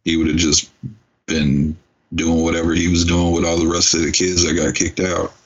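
Deep husky man chatting about a film. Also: flat delivery, moderate pace, dull audio. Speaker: podcast co-host. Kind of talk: casual movie recap chat.

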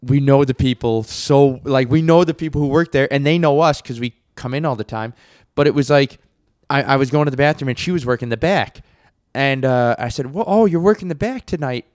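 A man's voice: mid-range voice, a little fast, a little mellow, dry recording. Rambling podcast guy, dry sound. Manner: rambling storyteller, many restarts. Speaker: podcast co-host. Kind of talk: casual chat.

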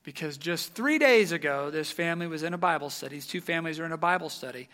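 A man preaching a sermon, telling a story with animated energy and dropping to a hush at the tense moments. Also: fairly high pitch, fast.

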